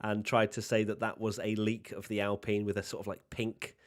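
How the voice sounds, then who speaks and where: In casual chat on a live watchalong stream he co-hosts, a man teases playfully and tosses off sarcastic asides. His fairly low voice is monotone and a little fast.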